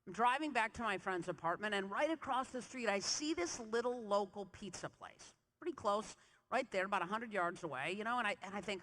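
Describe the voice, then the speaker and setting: A woman giving a keynote speech, telling a story in an animated, chatty way and acting out the dialogue, on a large convention stage. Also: mid-range voice, a little fast. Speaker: keynote speaker. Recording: long hall reverb in a large convention hall.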